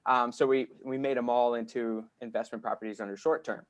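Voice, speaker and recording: A man's voice: mid-range voice, fairly even intonation, a little fast. A man speaking as a guest real estate coach in casual, upbeat talk on a video call, with frequent filler sounds.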